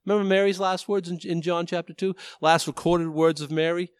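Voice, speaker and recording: A man's voice: high-pitched, fairly even intonation, fairly quick, smooth, no echo. A man leading a Bible study, rambling and self-deprecating, with many restarts. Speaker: pastor.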